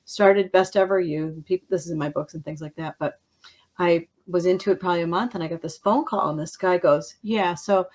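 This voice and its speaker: A middle-aged woman hosting an interview, telling stories in a casual, animated way, laughing often and acting out what others said. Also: lowish voice, fairly quick. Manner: animated storyteller, laughs often, acts out quotes. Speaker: podcast host.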